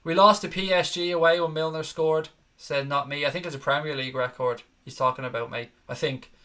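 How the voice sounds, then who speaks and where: A young man hosts a post-match football live stream, reading viewers' comments aloud and answering each one with quick, cheeky banter. His voice is bright and forceful, sitting a little high for a man. He is battling a stomach virus but keeps the excitable chatter going. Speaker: football channel host reading live chat.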